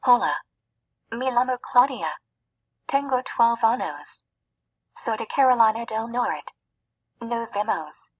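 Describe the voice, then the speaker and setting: A woman's voice: a little high, expressive, a little slow, pauses often, breathy edge, low-quality recording. A text-to-speech woman's voice reading Spanish with a strong English accent. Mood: flat. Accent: English speaker reading Spanish. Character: synthetic female voice with an English accent.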